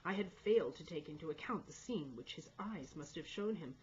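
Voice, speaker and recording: A woman's voice: deep voice, lively intonation, brisk, slightly rough, muffled recording. A woman reading a novel aloud as an amateur audiobook, with small stumbles and restarts. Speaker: audiobook reader.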